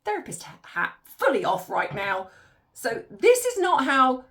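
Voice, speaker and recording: A woman's voice: high-pitched, big pitch swings, slow pace, fairly bright tone. A woman, likely in her forties, hosting an opinionated commentary monologue, exasperated and ranty, often laughing in disbelief. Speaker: commentary channel host.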